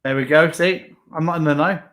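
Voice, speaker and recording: A man's voice: fairly high pitch, steady tone, a little fast, a bit bright. A man co-hosting a casual live chat show, easygoing with self-deprecating banter. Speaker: co-host.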